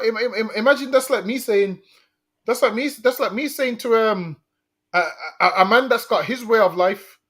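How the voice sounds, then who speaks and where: High-voiced blunt male co-host. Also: fairly bright tone. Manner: blunt, emphatic, repeats himself. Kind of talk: casual commentary chat.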